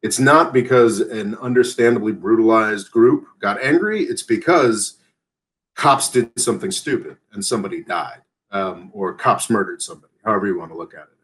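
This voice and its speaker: A man hosting a live news brief, talking off the cuff with many pauses, fillers and restarts. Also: lowish voice. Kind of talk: casual unscripted live commentary.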